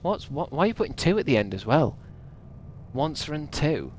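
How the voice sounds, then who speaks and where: A man's voice: on the high side, big pitch swings, quick pace, darkish tone, a little hiss or hum. A man streaming a video game, rambling and swearing with a sarcastic edge. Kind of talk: gaming livestream commentary.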